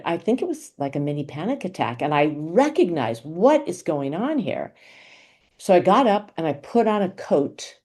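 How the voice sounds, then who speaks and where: A woman in a course session telling a chatty, animated story about a recent night over a video call. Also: fairly low pitch. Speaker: course participant.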